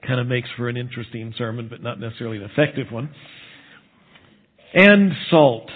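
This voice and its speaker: A man from Texas, a pastor, preaching a sermon in a conversational way and slowing down to stress key phrases. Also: medium pitch, expressive, a little hiss or hum. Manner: conversational preaching, slows for emphasis. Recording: phone-like narrow band.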